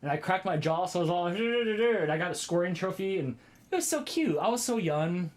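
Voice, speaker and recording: Excitable man rambling on a livestream. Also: sits high, quick pace. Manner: rambling, excitable, often exclaims. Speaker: vlogger hosting a livestream. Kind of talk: casual livestream chat with viewers.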